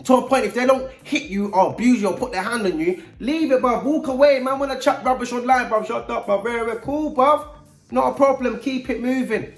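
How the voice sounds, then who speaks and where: A man with a London accent gives young listeners a blunt, emphatic talk, full of street slang and repeated hooks. His voice sits high for a man. The room around him is echoey and bare. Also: fairly quick. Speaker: youth mentor. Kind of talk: direct-to-camera talk to young people.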